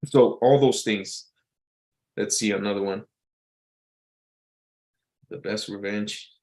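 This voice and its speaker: A man's voice: fairly low pitch, steady tone, slow, a little mellow, poor audio. A man talking casually in a loose, repetitive monologue, reading out quotes and musing on them with many restarts and fillers. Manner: reads out quotes and muses on them.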